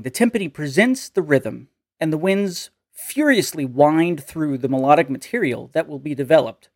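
A man lecturing on music history in a measured, explanatory and precise way. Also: fairly high pitch, no room sound, studio quality. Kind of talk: lecture narration.

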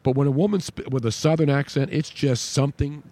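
A man's voice: mid-range voice, steady tone, brisk, mellow, dry recording. Chatty male radio host, emphatic. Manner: chatty, emphatic, repeats words for stress. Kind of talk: casual sports talk with live ad reads.

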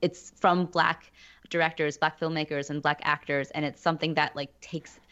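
A woman's voice: deep voice, little pitch movement, normal speed, fairly bright tone. A woman on a film podcast panel, opinionated and casual, with frequent fillers and restarts. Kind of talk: casual chat. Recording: dull lo-fi audio.

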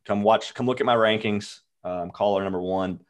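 A man with a very deep voice co-hosting a racing betting podcast. He chats in a loose, laid-back way, answering listener calls. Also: steady tone, normal speed. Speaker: podcast co-host. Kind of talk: casual sports betting chat.

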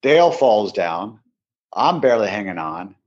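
A man's voice: lowish voice, moderate pace. A man, a podcast guest, telling a long casual anecdote and acting out the people in it. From Seattle area. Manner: animated anecdote, acts out quoted voices. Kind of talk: casual storytelling. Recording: dull lo-fi sound.

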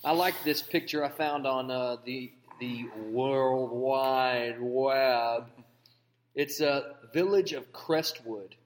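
A man co-hosting a comedic banter show, teasing in a dry, deadpan way. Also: medium pitch, slow pace. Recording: long hall reverb.

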